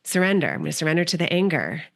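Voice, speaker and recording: A woman's voice: low voice, very animated, rapid-fire, creaky, a bit bright. A woman guest on a podcast, talking in a flowing, spiritual way about inner work as a creative coach. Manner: flowing, spiritual, dreamy phrasing. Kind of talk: podcast conversation.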